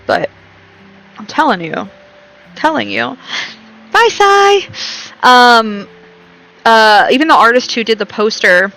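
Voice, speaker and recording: A woman's voice: fairly high pitch, big pitch swings, takes it slowly, long pauses, bright, forceful tone, faint music behind, rough recording. A young woman streaming a game, reading its text aloud and breaking off into chatty, rambling commentary with frequent laughs.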